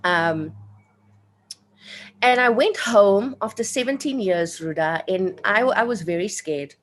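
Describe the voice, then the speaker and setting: A woman's voice: medium pitch, expressive, slow, a bit bright, slight background noise, poor audio. Earnest South African woman telling her story. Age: late 30s or older. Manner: earnest, emotional, repeats phrases for emphasis. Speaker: interview guest. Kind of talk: personal storytelling in an interview.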